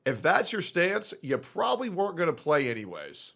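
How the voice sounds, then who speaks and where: A man streaming his reaction to a video, talking casually and bluntly with profanity, sometimes breaking into loud exasperated rants. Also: a little high, sing-song, normal speed, creaky.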